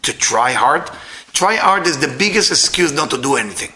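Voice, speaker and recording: Man, informal sermon, non-native English, tense bright voice, loud-to-quiet swings. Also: a little high, lively intonation, normal speed. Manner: emphatic, swings from loud to hushed.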